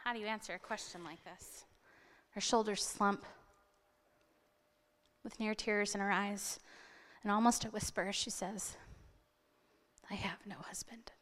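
A woman preacher retelling a scripture story in an animated, dramatic sermon style. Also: medium pitch, a little slow, long pauses, long reverb tail.

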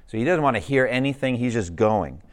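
A man teaching a Bible study class in a relaxed, conversational manner. His voice sits at an ordinary mid pitch, and he keeps asking the group questions. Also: a little fast.

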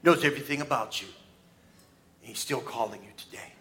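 A man preaching an Easter sermon, storytelling dramatically, acting out quoted voices, and swinging between loud outbursts and hushed asides. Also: medium pitch, fairly quick. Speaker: pastor.

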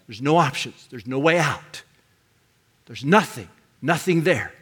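An older man preaching a sermon as pastor, talking in an emphatic way and rising to loud cries on key words. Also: medium pitch, animated, measured pace, slightly rough.

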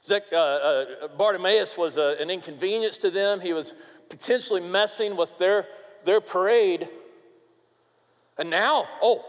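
High-voiced preaching man in a reverberant hall. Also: unhurried. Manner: animated, emphatic preaching that drops to quiet asides. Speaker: pastor. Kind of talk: sermon. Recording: long reverb of a large hall.

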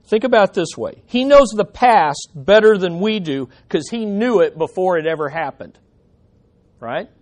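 A middle-aged man preaching with a high, bright voice. He delivers his sermon with animated energy and drops in joking asides to the congregation. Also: moderate pace. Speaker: pastor.

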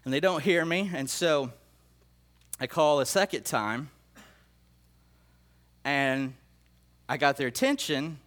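A man's voice: fairly high pitch, expressive, slow pace, long pauses, a bit bright. A middle-aged man, a pastor, telling his dreams in a sermon, earnest and emotional, often repeating and restarting his phrases. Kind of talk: sermon sharing prophetic dreams.

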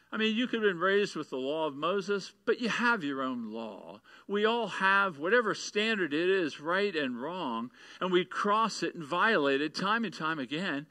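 Bright-voiced, lively male preacher. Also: high voice, no room sound, rough recording. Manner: preaching with rising, taunting emphasis. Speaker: pastor. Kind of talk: sermon.

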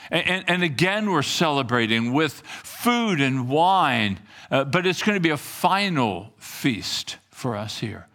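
A man's voice: on the high side, a bit bright. A middle-aged man preaching a sermon in earnest, reading scripture aloud and often repeating himself. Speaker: pastor.

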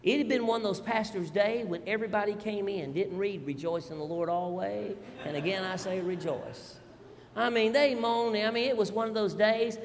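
A middle-aged male pastor, telling family stories in an animated, folksy sermon with asides to the congregation. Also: high-pitched, normal speed, long reverb tail. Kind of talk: storytelling sermon.

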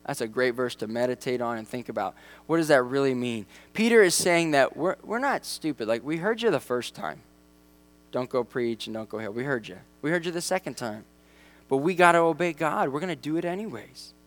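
A man's voice: mid-range voice, a bit bright. Male pastor, mid-range voice, casual preaching with faint hum behind. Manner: conversational, acts out quoted voices. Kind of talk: sermon.

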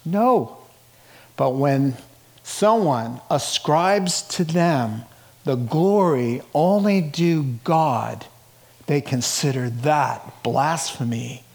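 A pastor preaching a sermon, telling stories with acted-out voices and joking with laughs between lines. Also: male voice, on the high side, very slow, creaky. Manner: animated, acts out voices in his stories. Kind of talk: sermon with storytelling.

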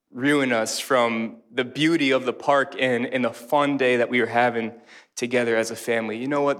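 A man in his thirties preaching a sermon in church, telling lively stories with quick laughs and voices. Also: mid-range voice. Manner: animated storytelling, quick laughs, mimics voices. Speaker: pastor.

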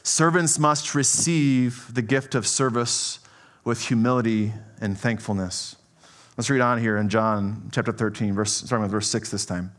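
A man preaching a sermon in a conversational, animated way, often checking in with "right?" and swinging between soft and emphatic delivery. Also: medium pitch, a little slow.

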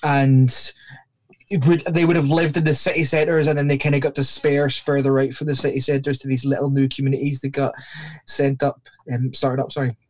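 A man's voice: medium pitch, normal speed, no room sound. A man from Northern Ireland with a mixed Northern Irish and Glaswegian accent, chatting and joking as a church-planter guest on a podcast. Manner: chatty and joking, with lively shifts into mimicked accents. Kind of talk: casual podcast conversation.

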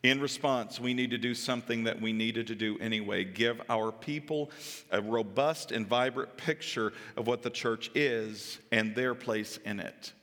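A man in his thirties preaching a sermon to his congregation, with earnest emphasis that drops into quiet, personal asides. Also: medium pitch, steady tone, moderate pace. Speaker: pastor. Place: church sanctuary. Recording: long hall reverb. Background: church hall.

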